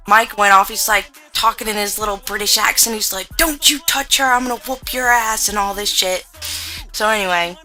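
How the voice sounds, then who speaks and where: A young American woman in her twenties with a Southern twang, telling rowdy stories in a casual gaming vlog, loud and profane. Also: mid-range voice, low-quality recording. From United States. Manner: loud, profane, laughing storyteller with a drawl. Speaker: gaming YouTuber.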